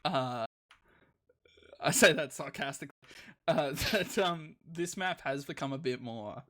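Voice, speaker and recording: A man's voice: fairly high pitch, moderate pace, a bit bright. A man casting a live esports match play-by-play, laid-back and self-deprecating, laughing often.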